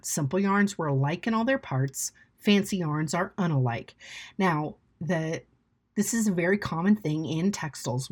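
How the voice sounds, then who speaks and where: Chatty woman host with a low husky voice. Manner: chatty and lively, with asides and frequent "right?". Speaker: podcast host. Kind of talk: educational podcast monologue.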